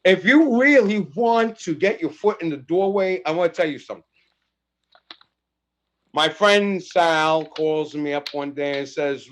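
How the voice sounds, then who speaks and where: A man's voice: on the high side, measured pace, a little hiss or hum. A middle-aged man, an actor, chatting casually and acting out the people in his stories. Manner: animated storyteller acting out dialogue. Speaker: actor guest. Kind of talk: casual chat.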